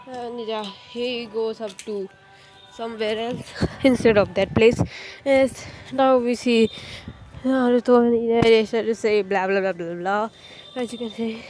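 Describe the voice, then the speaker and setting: A woman with a slightly high voice talks off the cuff, circling through fillers and restarts as she sums up a story. She often stops to search for a name before pushing on in her loose, rambling way. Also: a little mellow. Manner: rambling, leans heavily on "you can say" and fillers; hesitant, restarts and searches for names. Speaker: video narrator recapping a fan story. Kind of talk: casual unscripted recap.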